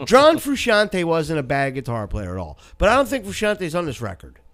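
A man's voice: on the high side, wildly swooping pitch, moderate pace, fairly bright tone. A man hosting a casual chat about music, blunt and profane in his opinions.

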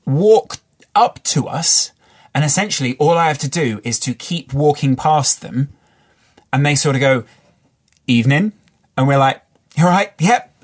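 A man's voice: mid-range voice, moderate pace. A man from the English Midlands telling a rambling, sweary story in a casual podcast chat. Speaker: podcast guest.

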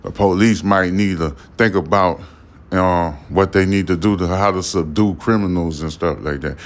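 A man's voice: low-pitched, steady tone, normal speed. A man in his forties hosting a podcast, telling stories in a casual monologue full of profane street slang and asides. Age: 40s. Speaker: podcast host.

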